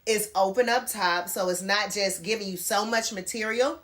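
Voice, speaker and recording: A middle-aged fashion vlogger with a medium-pitched, fairly bright voice chats at a moderate pace through a clothing try-on haul, calling her viewers "girl" and "y'all." She's in her home bedroom near a closet.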